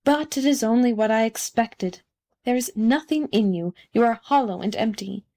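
A vain firework rocket, sniffy and self-important, played by a woman reading a storybook. He sits a touch higher than her narrating voice and swings about in grand affronted tones. Every word puts himself first. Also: normal speed, darkish tone. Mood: self-pitying. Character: pompous conceited male firework rocket.

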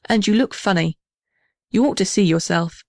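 A woman's voice: mid-range voice, normal speed, a little mellow, no room sound, clean studio sound, natural voice. A woman voicing an old male gum tree who talks stiffly and severely but has a kind heart. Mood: cross.

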